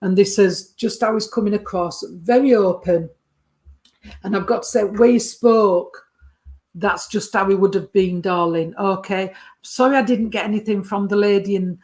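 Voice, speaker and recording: A woman, giving a medium's reading from a photo and calling the sitter sweetheart and darling. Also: mid-range voice. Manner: warm endearments, calls the sitter sweetheart and darling.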